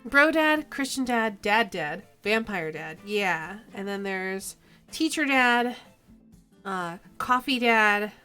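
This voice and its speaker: A woman's voice: mid-range voice, expressive, slow, pushed and bright, clear, resonant tone, faint music behind. A woman streaming a game, chatting playfully, giggling often and reading the story aloud. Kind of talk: let's play commentary and reading.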